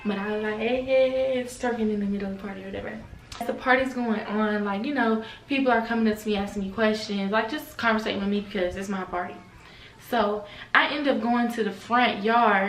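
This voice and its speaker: A woman casually telling a party story to camera, animated, slangy and profane, acting out the quotes. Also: mid-range voice. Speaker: storytime vlogger. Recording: echoey room, mic at a distance.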